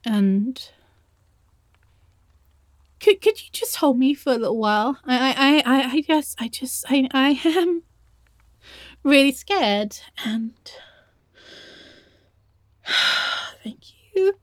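Girl doing a shy nervous young woman, stammers a lot, slow halting talk, dry close sound. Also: sits high, dry recording. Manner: stammering, hesitant, nervous laughter. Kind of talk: audio role-play.

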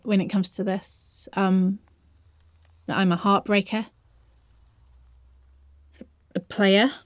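A nervous, shy young woman, played by a woman in an audio role-play, confides in her partner, stammering and repeating herself. She talks slowly with long hesitations. The sound is close and dry. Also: mid-range voice, no echo.

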